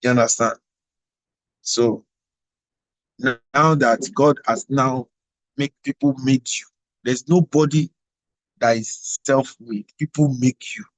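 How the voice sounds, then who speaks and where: A man's voice: mid-range voice, fairly even intonation, slow, long pauses, no room sound, low-quality recording. A man giving an emphatic motivational address, full of repetition and rhetorical questions. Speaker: global president of organization.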